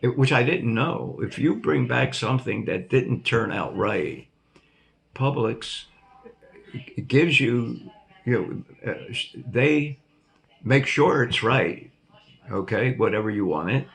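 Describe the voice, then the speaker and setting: Gravelly-voiced old man telling a story. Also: medium pitch, animated, takes it slowly, fairly bright tone. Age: older. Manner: rambling, jokey, laughs at himself. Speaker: vlog host. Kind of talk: casual storytelling to viewers.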